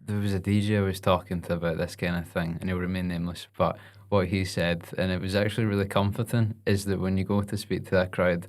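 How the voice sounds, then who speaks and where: A man hosts a podcast, asking his guest loose, rambling questions. His voice sits somewhat low. He laughs easily and keeps the talk casual. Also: little pitch movement, quick pace, few pauses. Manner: easygoing, laughs often, asks rambling questions. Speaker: podcast host. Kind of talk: casual interview chat.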